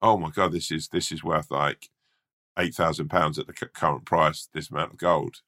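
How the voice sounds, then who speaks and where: A man's voice: extremely low pitch, fairly even intonation, normal speed, bright, forceful tone. A man voicing a male bank manager who exclaims over a find. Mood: impressed. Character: male bank manager, a rat story figure, impressed.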